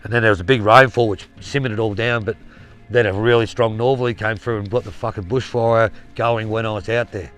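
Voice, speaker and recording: A man's voice: fairly low pitch, steady tone, brisk, fairly bright tone, smooth, soft background music. Blunt, swearing Australian man telling a yarn. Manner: blunt, heavy swearing, rambling. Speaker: storyteller. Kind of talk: casual spoken yarn.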